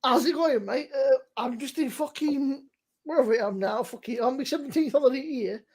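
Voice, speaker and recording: A man's voice: extremely high pitch, fairly quick, a little mellow, slightly rough. A man, a guest on a casual live chat, teasing and sweary.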